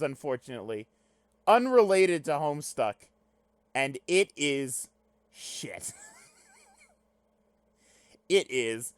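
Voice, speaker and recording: A young man reads a webcomic aloud with a lively, swinging pitch, often jumping into loud, excited rants. The sound is close and dry, with no room around it. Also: dry recording. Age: young adult. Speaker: streamer reading a webcomic aloud. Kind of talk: reading aloud with asides.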